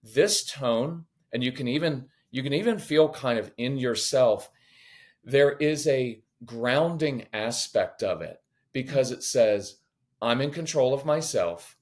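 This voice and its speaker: On a parenting podcast, a man teaches in a lively, conversational, animated way, acting out quoted voices and joking now and then. His voice is mid-range and his pace slow.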